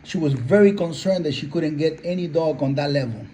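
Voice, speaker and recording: A man's voice: fairly high pitch, brisk, mellow, a little hiss or hum, poor audio. A man, a dog breeder, telling heartfelt stories in an earnest, conversational interview. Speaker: pit bull breeder.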